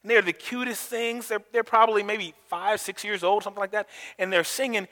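High, bright-voiced preaching man. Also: steady tone, fairly quick, long reverb tail. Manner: emphatic, repeats words, asks the congregation to answer. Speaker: pastor. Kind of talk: sermon.

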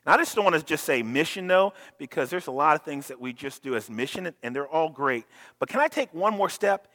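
A man preaching a sermon as pastor in a church, animated, with many restarts and questions thrown to the congregation. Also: on the high side, quick pace, in a large hall. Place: church sanctuary.

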